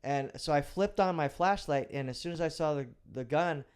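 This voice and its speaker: A man's voice: fairly high pitch, normal speed, clean tone. Earnest middle-aged man telling a story. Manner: vivid, earnest storyteller with casual swearing. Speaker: guest, retired police officer. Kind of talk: first-person storytelling in a podcast interview.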